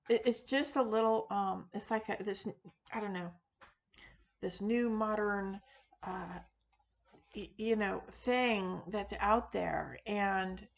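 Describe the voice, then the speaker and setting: A woman with a fairly high voice talks slowly to her viewers, loosely and without a script. She wanders with fillers, restarts her sentences and laughs off her own muddled points. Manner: rambling, frequent fillers and restarts, self-deprecating. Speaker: witchcraft video host; teacher of classes. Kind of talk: casual unscripted monologue.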